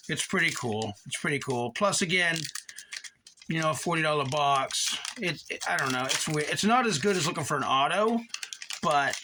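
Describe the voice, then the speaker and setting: A man's voice: fairly high pitch, noisy background. A man hosting a card-collecting channel, chatting casually and rambling as he reads off card names while opening packs. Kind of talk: casual box-opening commentary.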